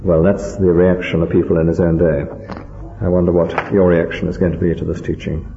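A man's voice: low-pitched, flat delivery, fairly quick, creaky, dark tone, a little hiss or hum. An older man preaching a sermon in a conversational way, often adding tag questions. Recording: dull, echoey hall recording.

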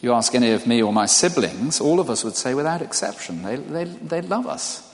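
A man's voice: medium pitch, expressive, a little fast. An older man preaching a sermon in a conversational way, putting questions to his listeners. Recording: long hall reverb.

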